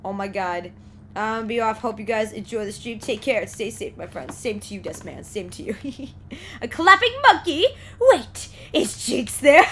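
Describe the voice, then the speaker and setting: A young woman streaming a horror game live, excitably reacting out loud and talking to the game and her chat from a desk mic at home. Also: mid-range voice, a little hiss or hum. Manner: excitable, exclaims and talks to the game. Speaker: gameplay streamer. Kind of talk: live let's play commentary.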